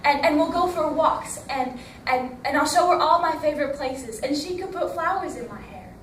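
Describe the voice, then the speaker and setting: A sweet little girl's voice, high and soft, pleading for her mother in breathless repeated words, as a young woman puts her on. It sounds as if it comes from far across an echoey hall. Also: lively intonation, moderate pace, a little hiss or hum. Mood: eager. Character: sweet little girl ghost, tender and longing.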